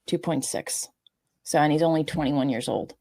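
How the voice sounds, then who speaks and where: A woman's voice: low voice, moderate pace, dark tone, dry recording, studio quality. A woman hosting a sports podcast, steering the chat and reading out figures. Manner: steers the talk and reads out figures. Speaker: podcast host.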